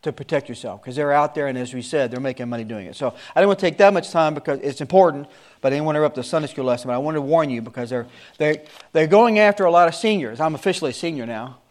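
A man's voice: on the high side, expressive, rapid-fire. A man in his sixties, a Sunday school teacher giving his class an earnest, repetitive warning in casual talk. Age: 60s.

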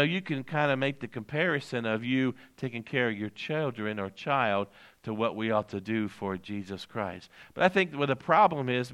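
A man preaching a sermon as pastor, slowing down on scripture quotes and swinging between loud emphatic lines and low, quiet ones. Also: clear, resonant tone. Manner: slows down to stress scripture quotes.

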